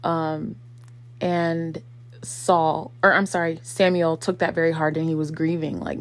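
A woman's voice: low-pitched, flat delivery, measured pace. A woman in her thirties talking casually and reflectively in a personal vlog, full of fillers and acted-out quotes. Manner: conversational, many fillers, acts out quotes. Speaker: vlogger.

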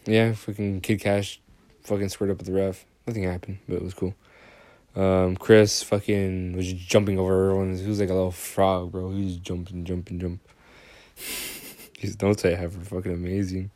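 A man's voice: low-pitched, level tone, normal speed, a little mellow, no room sound. A young man casually recapping a wrestling episode, rambling, swearing a lot and laughing often. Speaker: podcast host.

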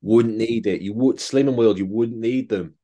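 A man's voice: medium pitch, normal speed, warm tone. A young man, a fitness coach in casual chat, blunt and sweary, calling his co-host mate.

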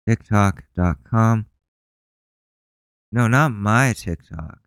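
This is a man with a low, smooth, crisp voice hosting a casual commentary podcast. He rambles, swears freely and has a sarcastic edge. The sound is dry and close. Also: a little slow, darkish tone, no room sound. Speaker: podcast host.

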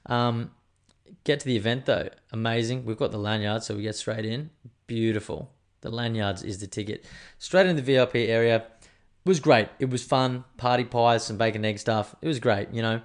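Man, Australian accent, casual storytelling, animated delivery, swears freely, mid-range pitch. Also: normal speed. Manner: animated, swears freely, acts out quoted people.

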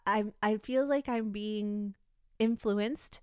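A woman's voice: medium pitch, fairly even intonation, slow, a little mellow, clean tone, dry recording, studio quality. A woman co-hosting a casual podcast, chatting in a rambling way and laughing often as she tells stories. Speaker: podcast co-host. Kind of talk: casual chat.

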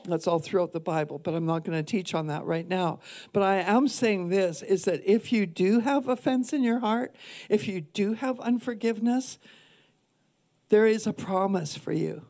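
A woman's voice: medium pitch, moderate pace, dark tone. Earnest woman preaching a sermon. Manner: earnest, emphatic repetition. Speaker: minister. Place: church.

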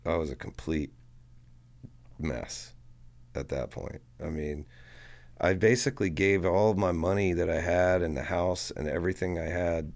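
Low gravelly-voiced man telling stories. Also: normal speed, darkish tone. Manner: profane, rambling anecdote-telling. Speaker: guest musician. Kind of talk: casual storytelling interview.

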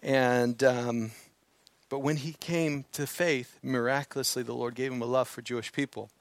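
A man preaching a sermon, moving from quiet storytelling to emphatic, building preaching on scripture. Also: mid-range voice, steady tone, normal speed, no room sound.

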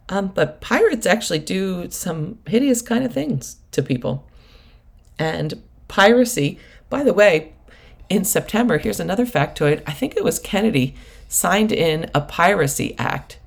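A woman's voice: low-pitched, gravelly. A middle-aged woman coach telling stories in a casual, rambling monologue full of asides. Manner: rambling, digressive storytelling with laughs and asides. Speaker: prosperity coach and host.

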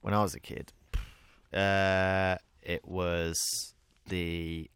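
A man co-hosting a casual comedy podcast, hesitant and halting, often restarting his sentences. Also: deep voice, flat delivery, a bit bright, smooth, no room sound, studio quality. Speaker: podcast co-host.

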